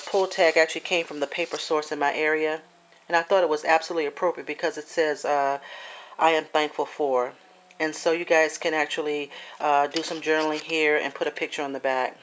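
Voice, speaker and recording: Chatty woman with a low voice, showing crafts. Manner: chatty, hesitant, with many fillers and restarts; gets emotional and apologetic. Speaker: crafter showing a swap project. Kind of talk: casual show-and-tell craft video.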